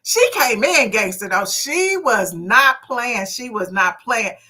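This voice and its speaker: A woman's voice: on the high side, slow pace, husky. A woman, hosting a casual livestream talk show and reading viewer comments in an outspoken, preachy way. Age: 50s. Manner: outspoken, lively, preachy, swears.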